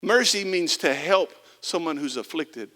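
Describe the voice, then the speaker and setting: A man preaching with a high, bright voice that carries well. He talks to the congregation in a conversational way, building to loud, driving emphasis and then dropping to quiet, low passages. He acts out the people in his story in a casual voice. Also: animated, a little slow, in a large hall. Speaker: pastor. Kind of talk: sermon.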